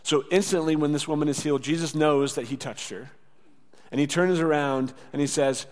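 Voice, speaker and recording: A man preaching a sermon in a casual, conversational way. He acts out quoted lines and drops to a soft voice for tender words. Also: fairly high pitch, steady tone, fairly quick. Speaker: pastor. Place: church sanctuary. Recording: church hall with long reverb.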